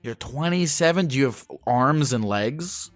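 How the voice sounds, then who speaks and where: Man, host, casual call-in chat, playful, earnest questions, mid pitch, dry close sound. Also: expressive, unhurried, dry recording, soft background music.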